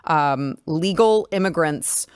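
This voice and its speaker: A woman's voice: low-pitched, slow pace, smooth, no echo, studio quality. A woman hosting a political talk show, talking casually with emphatic, sarcastic remarks. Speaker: host.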